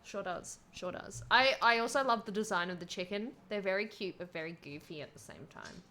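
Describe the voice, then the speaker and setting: A young adult woman streams her first playthrough of a video game, playfully reading the game text aloud and quipping about it. Her mid-range voice is animated, fairly quick, pushed, and bright.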